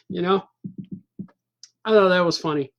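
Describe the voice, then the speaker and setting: A man's voice: high voice, vocal fry, highs cut off. A man in his fifties telling a rambling, self-mocking story in a casual chat as a cartoonist host. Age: 50s. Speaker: cartoonist hosting a stream.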